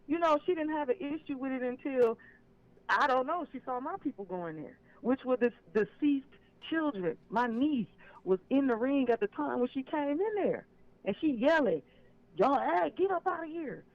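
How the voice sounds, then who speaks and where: A man's voice: very high voice, animated, moderate pace, lo-fi sound. A man calling in to a live show, telling his side in an emphatic, aggrieved way. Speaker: caller. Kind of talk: phone-in call on a live stream. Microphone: phone line.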